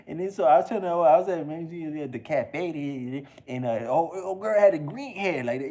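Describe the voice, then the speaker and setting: A man's voice: high voice, expressive, brisk, few pauses, dark tone. A man talking straight to camera in a loose, rambling monologue, with slangy talk, frequent restarts and chuckles. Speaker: video creator.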